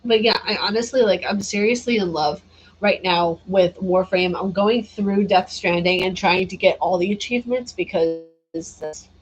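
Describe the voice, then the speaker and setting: A woman's voice: mid-range voice, normal speed, slight background noise, poor audio. Chatty woman streamer, tired. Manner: chatty, laughs often, answers chat comments. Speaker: gaming streamer. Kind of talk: casual livestream chat.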